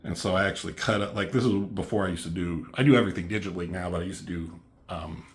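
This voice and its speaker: A man's voice: sits low, fast. A man casually walking through his own comic book, reading bits of dialogue and rambling with many fillers. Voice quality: rambling, many fillers, reads dialogue with slight character shifts.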